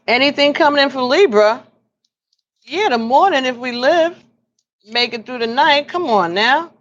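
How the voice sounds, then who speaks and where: A woman's voice: sits high, expressive, moderate pace, fairly bright tone, lo-fi sound. A tired woman casually reading tarot cards on a live stream, chatting with viewers by name and laughing often. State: tired, yawning.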